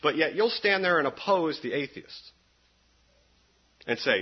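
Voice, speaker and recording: A man preaching a sermon in an animated, sarcastic way, with sudden jumps up in pitch. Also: measured pace, slightly rough, lo-fi sound.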